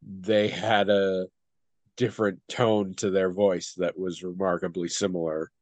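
A man's voice: low voice, flat delivery, measured pace, darkish tone, dry recording. A man co-hosting a casual discussion, thoughtful and hesitant, often trailing off.

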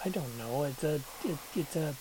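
A man's voice: on the high side, animated, slow pace, a little hiss or hum, rough recording. A man co-hosting a podcast who chats casually and laughs often. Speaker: podcast co-host. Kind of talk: casual chat.

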